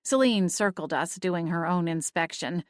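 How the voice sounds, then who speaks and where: A woman reading first-person audiobook narration in a steady storytelling manner. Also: fairly low pitch, moderate pace, no room sound, studio quality.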